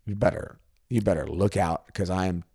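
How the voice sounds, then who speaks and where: A man co-hosting a casual chat about music videos, playful and quick to imitate voices. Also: sits low, steady tone, dark tone, husky, no room sound, clean studio sound. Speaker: co-host.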